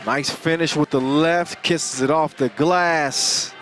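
A man calling a basketball game live, joking and energetic, getting louder on big plays. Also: a little high, slow. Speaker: play-by-play commentator. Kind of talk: live sports commentary. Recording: crowd and music under the commentary. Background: arena crowd and music.

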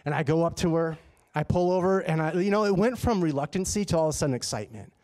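A man preaching a sermon in a church, telling a personal story in a lively, conversational way. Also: fairly high pitch, quick pace. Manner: animated and conversational, acts out his own dialogue. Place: church sanctuary.

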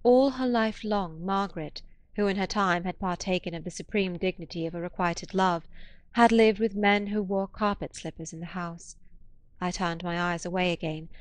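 A woman narrating a classic novel in a measured, expressive audiobook reading. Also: fairly low pitch, no room sound.

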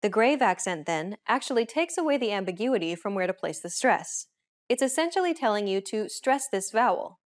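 A woman presents a beginner language lesson in a clear, steady scripted manner. Her voice sits at a middle pitch and she explains each point evenly. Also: moderate pace.

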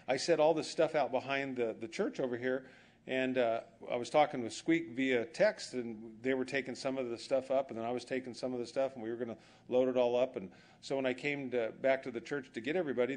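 A man preaching a sermon in an easygoing, conversational way, with jokes woven through anecdotes. He often acts out what people said, and his voice sits at an ordinary middle pitch. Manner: storytelling with humor, acts out quoted dialogue. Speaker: pastor.

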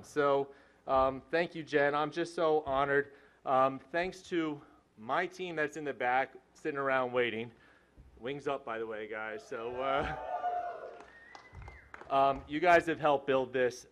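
A man's voice: mid-range voice, fairly bright tone, clear, resonant tone. A man in his forties, a head track coach, giving a joking, self-deprecating and rambling hall of fame acceptance speech. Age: 40s.

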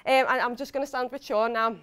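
Young bride, heartfelt and giggly speech, smooth voice on the higher side. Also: female voice, steady tone, quick pace, fairly bright tone. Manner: emotional, laughing between lines. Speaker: bride giving a wedding speech. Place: hotel wedding reception.

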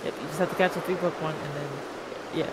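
A woman's voice: sits low, fairly even intonation, racing, heavy background noise. A woman co-hosting a let's play, laughing, swearing and reading game lines aloud. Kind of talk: casual gaming chat. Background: game music.

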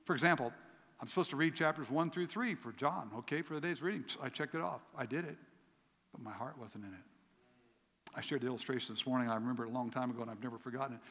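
A man preaching a sermon as a guest pastor, telling stories with lively acted voices and swinging from emphatic peaks to quiet lows. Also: quick pace. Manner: animated storytelling, acts out voices in his stories; rising to emphatic peaks then dropping low. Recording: long hall reverb.

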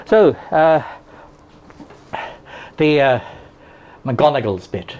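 A man's voice: a little high, lo-fi sound. Rambling older man doing stand-up. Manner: rambling, halting, deadpan absurd humor. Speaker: stand-up comedian. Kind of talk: stand-up storytelling. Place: live comedy stage.

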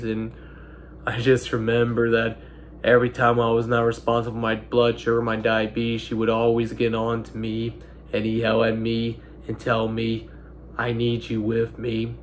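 A young man in his twenties, speaking in halting, broken sentences while holding back tears, his nose stuffy. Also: mid-range voice, a little hiss or hum. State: stuffy-nosed. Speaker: vlogger. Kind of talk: emotional personal monologue.

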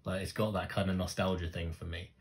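A man, gushing and swearing freely in casual reaction commentary, breaking into loud exclamations. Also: sits low, flat delivery, fast. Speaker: music reaction host.

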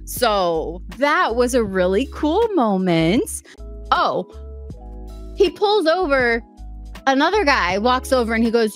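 A woman telling a casual, excited story to her viewers, bubbly and gushing, with quick jumps up in pitch when she gets excited. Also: faint music behind. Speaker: streamer and vlogger.

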